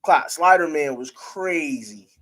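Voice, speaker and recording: A man's voice: fairly high pitch, expressive, slow pace, a bit bright. A man hosting a casual live-stream sports talk show, talking loosely with his viewers and breaking into laughter.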